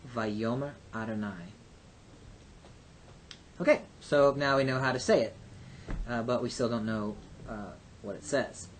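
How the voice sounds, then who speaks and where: A man's voice: medium pitch, slight background noise. A man teaching a Hebrew grammar lesson, explaining step by step in a methodical way, with frequent hesitations. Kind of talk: recorded grammar lecture.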